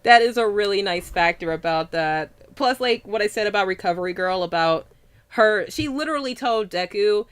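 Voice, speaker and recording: A woman chatting casually as a host, excitable, swearing freely and laughing often. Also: mid-range voice, moderate pace, smooth. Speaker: podcast host. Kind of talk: casual chat.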